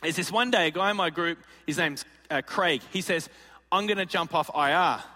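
A man preaches in a sermon, spinning a comic story and playfully acting out its people. His voice sits high and bright. It rings with the long reverb of a large hall. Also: normal speed. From Australia. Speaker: pastor. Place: large auditorium.

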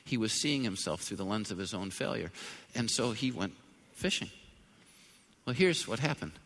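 A male pastor preaching a sermon in a relaxed, conversational way that swells into loud, high-pitched emphasis. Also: normal speed. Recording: long reverb of a large hall.

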